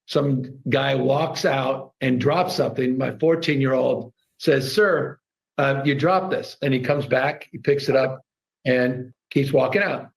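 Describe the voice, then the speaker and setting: A man's voice: mid-range voice, unhurried, gravelly, rough recording. A man telling an anecdote to an audience, speeding up and pressing hard when he makes his point. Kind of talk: storytelling to an audience.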